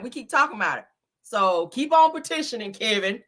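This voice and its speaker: A woman hosting a celebrity news live stream, giving casual gossip commentary in a sassy, expressive way, calling viewers honey and child. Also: on the high side, fairly quick.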